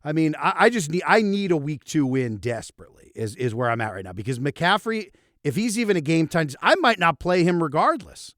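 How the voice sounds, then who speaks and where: A man co-hosting a casual sports podcast, talking in a lively, self-mocking way with laughs, swearing and restarts. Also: fairly high pitch, fairly quick, dry recording, clean studio sound. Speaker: podcast co-host. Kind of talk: casual chat.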